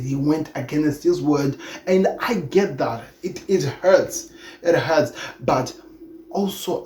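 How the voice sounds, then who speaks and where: A man hosting a football talk channel, speaking earnestly and with emphasis, circling back to repeat his points. His voice is dark and mellow. The room is echoey, with a faint hum of ambient noise behind him. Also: mid-range voice. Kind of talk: opinion commentary monologue.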